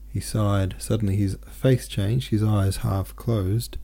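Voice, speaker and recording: Male audiobook reader, low gravelly voice, dark tone, gentle and steady. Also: takes it slowly, hardly any pauses. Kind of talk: novel read aloud.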